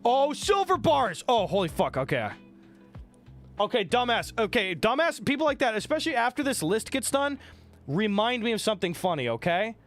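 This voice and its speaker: A man's voice: high voice, a little fast. A man streaming, telling stories to his chat in a loose, profane, laughing way. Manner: animated, profane, laughing storyteller. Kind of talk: casual storytelling to chat. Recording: music playing behind the voice.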